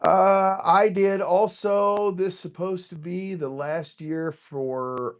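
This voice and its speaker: A man's voice: sits high, steady tone, takes it slowly. Profane rambling man tasting whiskey. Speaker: bourbon livestream host. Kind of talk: casual livestream chat, tasting and reading comments.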